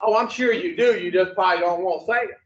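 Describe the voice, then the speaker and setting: A fast-talking man with a high-pitched voice runs an addiction recovery group, lecturing bluntly, swearing and throwing rhetorical questions at everyone. The recording is distant, echoey and dull.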